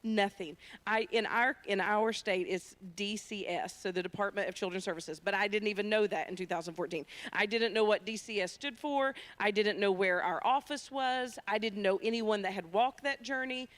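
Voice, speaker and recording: Woman, mid-pitched voice, lively testimony speaker at a church. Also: moderate pace, few pauses. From Tennessee, USA. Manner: lively, emphatic storytelling. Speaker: ministry founder and speaker. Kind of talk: personal testimony talk. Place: church sanctuary.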